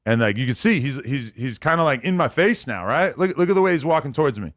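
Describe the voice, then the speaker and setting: A man in a podcast clip retelling a confrontation, quoting the other person's lines in casual, running speech. His pitch is ordinary and middle. The recording is dry and close. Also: expressive, quick pace, no echo. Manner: recounting, quoting others in dialogue. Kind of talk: storytelling in a played podcast clip.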